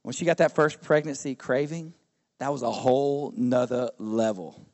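A middle-aged man, a pastor preaching a sermon in a relaxed, conversational way, often asking the congregation questions. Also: medium pitch, normal speed. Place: church service.

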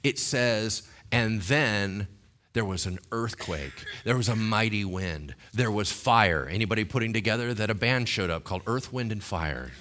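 There's a faint hiss or hum behind this man as he preaches at normal speed in a casual, conversational style. He asks the congregation questions, acts out voices from the text, and climbs into loud, high-pitched exhortation.

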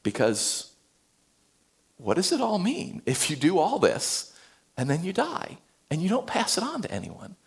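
Animated male preacher, lively pitch. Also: measured pace, vocal fry, pauses often. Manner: animated, swings between loud and hushed. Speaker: pastor. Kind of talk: sermon.

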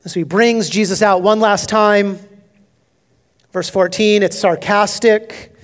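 A male pastor preaching an expository sermon, emphatic, swinging between loud declarations and hushed, near-whispered asides. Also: high voice, fairly even intonation, slow pace.

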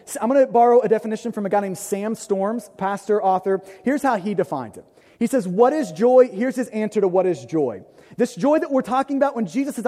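A man preaching a sermon as pastor, earnest, repeating key phrases and slowing down to quote scripture. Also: high-pitched, mellow, big-room sound.

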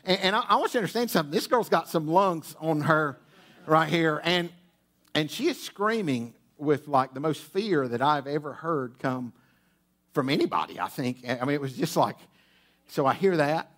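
A high-pitched male pastor tells a funny personal story from the pulpit of a church auditorium. He stumbles through restarts and drops playful asides to the congregation. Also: moderate pace. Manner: humorous, animated storytelling with many restarts. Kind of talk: storytelling sermon. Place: church auditorium with sound booth.

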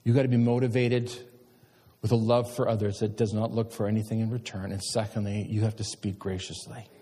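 Husky pastor preaching in echoing church. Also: male voice, fairly low pitch, a little fast. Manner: storytelling, animated emphasis. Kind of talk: sermon. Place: church sanctuary. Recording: long church hall reverb.

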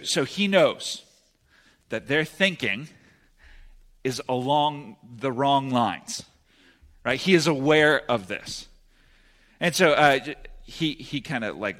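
Bright-voiced young male preacher. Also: medium pitch. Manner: casual, often checks in with "right?". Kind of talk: conversational sermon.

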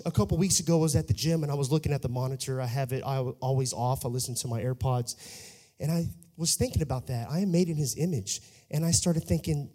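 A man preaching a sermon, telling a personal story quietly and then rising to shouted praise. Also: mid-range voice, fast talker, long reverb tail.

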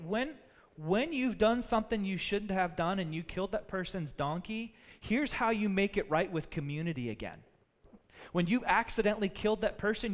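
A man preaching a sermon, earnest, often repeating words as he builds a point and dropping low and quiet for sad moments. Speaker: pastor. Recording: long hall reverb.

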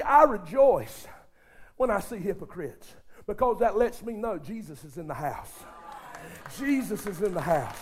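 A man preaching a sermon who talks straight to his congregation and swings between hushed, intimate passages and shouted, fervent ones. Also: very high voice. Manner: addresses the congregation directly, calls for responses.

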